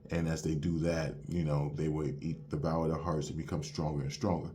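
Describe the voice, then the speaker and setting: Deep-voiced man casually recapping manga. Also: flat delivery, fairly quick, warm tone. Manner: loose and slangy, retelling the plot with "you have it where". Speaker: manga reviewer.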